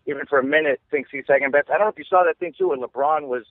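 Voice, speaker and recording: A forty-year-old man from California's East Bay, a podcast guest telling rambling, excitable stories in casual chat. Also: a little high, very fast, no room sound. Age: 40s. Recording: tinny phone line, dry.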